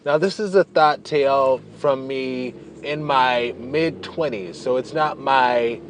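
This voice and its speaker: A man vlogs a personal story to the camera, slow and medium-pitched, with a little background noise. He's chatty and playful, wandering off on tangents and drawing out words for emphasis.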